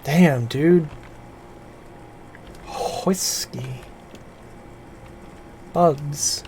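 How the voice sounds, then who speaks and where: A woman streaming a game, chatting casually and getting excited as she plays. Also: low voice, very slow, a little hiss or hum.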